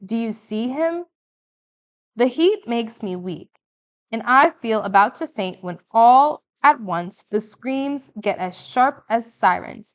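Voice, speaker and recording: A woman narrating an audiobook in the first person, with measured, vivid storytelling. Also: fairly high pitch, expressive.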